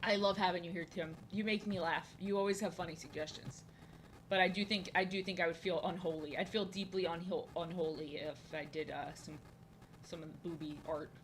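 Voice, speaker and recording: A woman's voice: fairly low pitch, steady tone, brisk, a little hiss or hum, low-quality recording. A woman chatting casually on a live stream while she draws, rambling, repeating lines and poking fun at herself. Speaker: art streamer.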